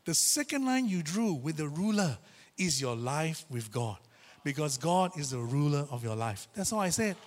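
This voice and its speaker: A man preaching a sermon in a church, telling a personal story in a lively, chatty way and acting out the voices he quotes. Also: on the high side, moderate pace. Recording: reverberant church hall.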